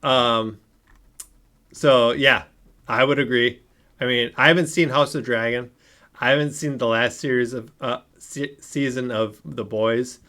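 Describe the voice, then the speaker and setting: A man's voice: mid-range voice, steady tone, unhurried, pushed and bright. A man co-hosting a podcast in casual chat, hesitant and full of filler sounds. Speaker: podcast co-host.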